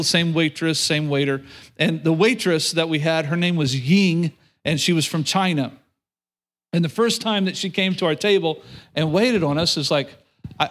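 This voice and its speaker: Animated middle-aged male preacher. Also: fairly high pitch. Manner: animated storytelling, addresses the congregation directly. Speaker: pastor. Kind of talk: sermon with personal story.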